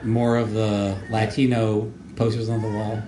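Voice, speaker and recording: A man who made the show gives casual audio commentary, rambling and halting with many fillers and repeated words. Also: lowish voice, completely flat delivery. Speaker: show creator giving commentary. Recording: echoey room with faint noise.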